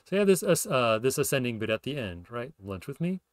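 A man's voice: medium pitch, very animated, a little fast, no room sound, clean studio sound. A man hosting his own podcast, explaining ideas in a casual lecture, thinking aloud with fillers and self-corrections. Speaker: podcast host explaining linguistics.

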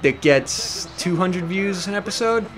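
A man's voice: high-pitched, expressive, unhurried. A young man casually commenting over gameplay at home, rambling, self-mocking and swearing often. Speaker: let's play host. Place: at home with a cat.

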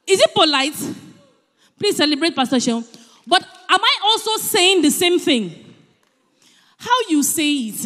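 Nigerian woman speaking at church, high voice, animated and emphatic, long hall echo. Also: unhurried, pauses often. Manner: animated, emphatic, shifts between loud and soft. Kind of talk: church talk on parenting.

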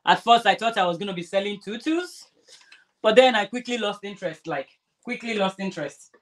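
A woman's voice: medium pitch, lively intonation, a little fast. A woman vlogger chatting casually while sewing, rambling and restarting her sentences. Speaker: crafter vlogger.

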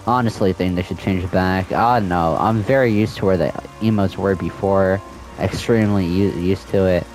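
A man's voice: deep voice, steady tone, normal speed, darkish tone, soft background music, rough recording. A young man in a casual gaming vlog, ranting with frustration and repeating himself. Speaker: gaming video creator.

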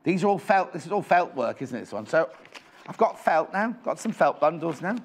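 A man's voice: on the high side, very animated, fairly quick, a little hiss or hum. Bubbly man selling on live TV. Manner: chatty, bubbly, fussing over items on show. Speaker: shopping channel presenter. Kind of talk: live TV sales chat. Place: TV studio. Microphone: clip-on microphone.

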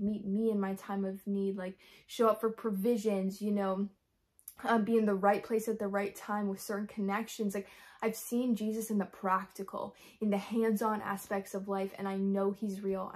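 A woman talking candidly in a personal faith vlog, her voice tired and worn, soft and halting with many fillers. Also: mid-range voice. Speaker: faith vlogger.

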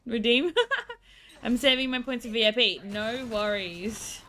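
A woman's voice: a little high, fairly even intonation, moderate pace, sharp tone, a little hiss or hum. A woman with an Australian accent, streaming and chatting casually with viewers, playful, laughing often and baby-talking to her dog.

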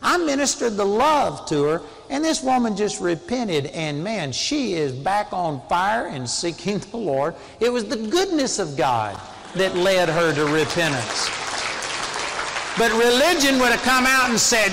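Earnest preacher man, high voice in a hall. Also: very animated, measured pace, creaky, a bit bright. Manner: earnest, conversational preaching with sudden emphatic rises. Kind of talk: sermon.

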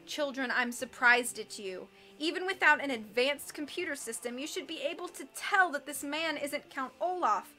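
A woman's voice: sits high, expressive, normal speed, few pauses, sharp tone, faint music behind. A woman reading aloud, voicing a fussy, gullible middle-aged male banker who speaks in a stern, prim, lecturing way.

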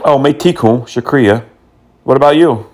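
A man with a medium pitch, normal speed, and a slightly mellow voice prank-calls phone scammers to bait them. He teases and mocks them, mixing in Hindi words and insults.

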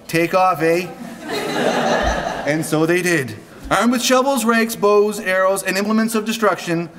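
A man's voice: high-pitched, fairly bright tone, a little hiss or hum. A man from Canada giving a joking wedding speech at a reception, reading prepared lines with humor. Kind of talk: wedding toast.

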